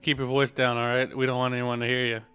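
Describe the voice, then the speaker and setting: A man voicing a gentle young prince who speaks softly and reassuringly to his little sister. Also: mid-range voice, completely flat delivery, fast, clean tone, soft background music, natural voice. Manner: soft, reassuring, secretive. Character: gentle young prince, devoted older brother.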